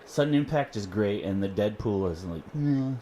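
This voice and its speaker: Lively guy on a podcast, pitch jumps all over, a bit of hiss behind him. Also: normal speed. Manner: animated, laughs often, quotes lines in a higher voice. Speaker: podcast co-host. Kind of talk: casual chat. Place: home.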